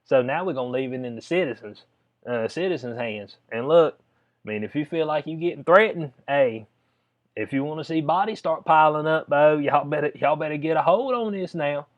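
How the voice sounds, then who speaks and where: A man's voice: fairly high pitch, animated, moderate pace. Casual lo-fi commentary from a man. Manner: drawling, conversational, addresses listener as "bud". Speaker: video commentator. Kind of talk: casual commentary reading a letter aloud. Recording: dull lo-fi sound.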